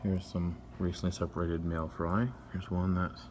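A man who teaches a class, casually showing his fish tanks and describing them in loose, halting phrases. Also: low-pitched, level tone, noisy background. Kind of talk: casual show-and-tell narration.

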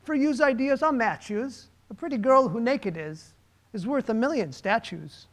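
A man putting on a cocky, streetwise Bronx voice, in an attempted Bronx accent, reciting loudly and slowly. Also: extremely high pitch, expressive, voice pushed up. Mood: brash, mocking. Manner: loud, slow, mock-tough recitation.

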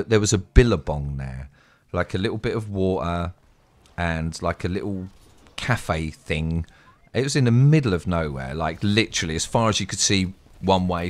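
An English man telling a rambling, sweary story in a casual, animated way as a streamer. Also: low-pitched. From England.

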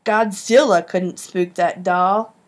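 A woman's voice: mid-range voice, steady tone, slow, natural voice. A woman reading an audiobook, voicing a scheming, persuasive schoolboy. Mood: eager. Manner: eager and persuasive.

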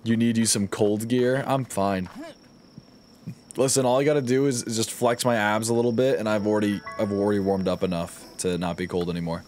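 A man's voice: on the low side, darkish tone, a little hiss or hum. A man streaming a game live, joking and swearing as he talks to his chat and the game characters.

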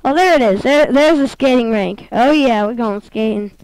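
A woman giving casual, excitable gameplay commentary, giggling and talking to the game as she plays. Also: fairly high pitch, normal speed, dry recording, rough recording.

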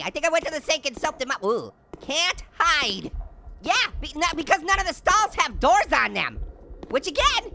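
A woman's voice: extremely high pitch, gravelly, sharp tone, slight background noise. A woman hosting a comedic let's-play, chatting and giggling as she plays a spooky game. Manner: giggly, jokey, exclaiming. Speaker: gaming channel host.

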